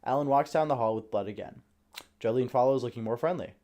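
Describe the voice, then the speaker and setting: A man's voice: mid-range voice, fast talker, warm tone. A man reading a screenplay aloud on a live stream, with a casual manner and offhand asides.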